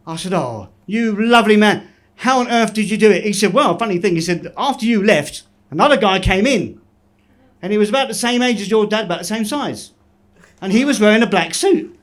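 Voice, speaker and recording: A man doing stand-up in a club, delivering one-liners deadpan, with the odd quick chuckle at his own jokes. His voice sits notably high for a man. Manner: deadpan joke delivery with quick self-laughs. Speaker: stand-up comedian. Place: comedy club stage.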